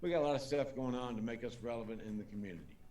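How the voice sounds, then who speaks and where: A man's voice: mid-range voice, very fast, darkish tone. A man who owns businesses, giving folksy, blunt advice in an interview. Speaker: business owner. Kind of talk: interview clip. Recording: echoey room.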